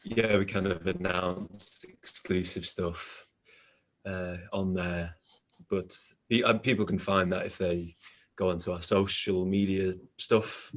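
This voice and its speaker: A man's voice: sits low, steady tone, slow pace, fairly bright tone. Rambling man on a video call. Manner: rambling, self-correcting, laughs at own puns. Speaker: band member, guest. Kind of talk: casual interview chat.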